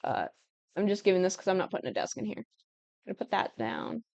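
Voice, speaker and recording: A woman's voice: medium pitch, big pitch swings, fast talker, gravelly, darkish tone, no room sound, dull audio. A young woman giving casual, chatty gameplay commentary while she builds, often breaking off mid-thought and giggling. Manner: chatty and self-interrupting, with giggles. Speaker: Sims building tutorial creator.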